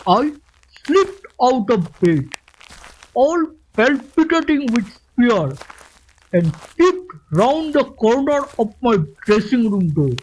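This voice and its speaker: A woman reading a classic detective story aloud, deliberately and expressively. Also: a little high, very animated, darkish tone. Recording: dull lo-fi recording.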